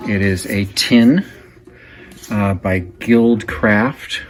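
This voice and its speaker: A man's voice: on the low side, very slow, background noise. A man giving conversational walk-through commentary while browsing an antique shop, explaining items with frequent fillers. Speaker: antique reseller vlogger. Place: antique shop in a Victorian house.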